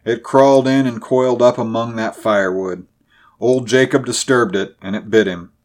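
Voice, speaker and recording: A man's voice: medium pitch, normal speed, darkish tone, close to an everyday voice. A man voicing a blunt, grim character who speaks curtly and snappishly. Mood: dismissive. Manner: curt, snappish.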